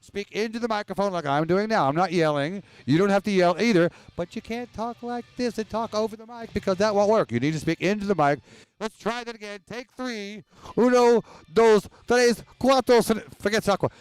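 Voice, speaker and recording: A man's voice: high voice, brisk, clean tone, dry recording. A man hosting a live rock TV show, bossy and joking as he gives mic instructions. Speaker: show host. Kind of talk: live TV banter.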